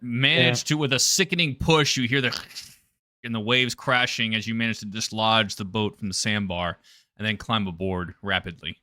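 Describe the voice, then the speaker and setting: A man's voice: fairly low pitch, moderate pace, sharp tone, no echo, clean studio sound. A man narrating casually as game master of a tabletop game. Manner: casual, loose narration with swearing.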